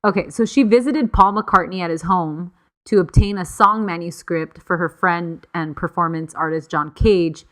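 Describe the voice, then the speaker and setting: A woman's voice: on the low side, moderate pace, a bit bright. A woman co-hosting a podcast, telling a story in casual chat and acting out quotes in playful voices. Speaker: podcast co-host.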